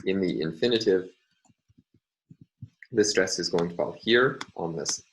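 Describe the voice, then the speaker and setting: A man with a very deep voice talks through a recorded lecture, slow and deliberate, pausing often on fillers as he works through examples. Faint clicking sits behind him. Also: a little hiss or hum, poor audio. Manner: hesitant, many fillers, deliberate explaining. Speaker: linguistics lecturer.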